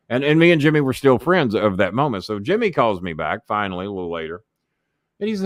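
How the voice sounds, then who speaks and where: A man tells stories as an interview guest, swearing freely and acting out what others said. His voice rises and falls widely in a mid pitch. The recording is dry and close. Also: fast talker, dry recording. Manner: animated, swearing, mimics others in quotes. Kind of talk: profane anecdotal storytelling.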